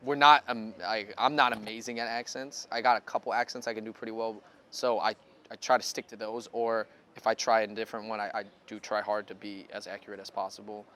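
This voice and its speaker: A man's voice: on the low side, level tone, fairly quick, pushed and bright. A man speaking frankly and easily in a casual interview, using casual slang.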